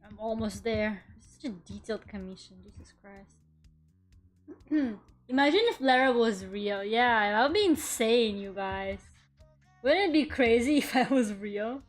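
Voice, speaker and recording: A woman's voice: fairly high pitch, measured pace, soft background music. A young adult woman streaming while she draws, chatting playfully with viewers, muttering to herself as she works and bursting into dramatic shrieks. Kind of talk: casual live-stream chat while drawing.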